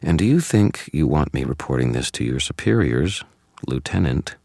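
A man's voice: a bass voice, sing-song, moderate pace, gravelly, dark tone, dry recording, studio quality, full character voice. A man reading the part of a cold, domineering male federal agent with a clipped, demanding manner. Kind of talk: audiobook character voice.

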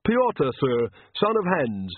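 A man's voice: on the high side, huge pitch swings, slow pace, breathy edge, no echo, narrow, tinny audio, voice pushed up, exaggerated voice. A man doing a nervous polite young villager. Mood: deferential.

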